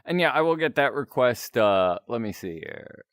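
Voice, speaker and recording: Chatty guy streaming, lively up and down voice, dry close sound. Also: medium pitch, moderate pace, no echo. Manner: chatty, laughs at himself. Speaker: streamer taking chat requests. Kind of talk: casual chat.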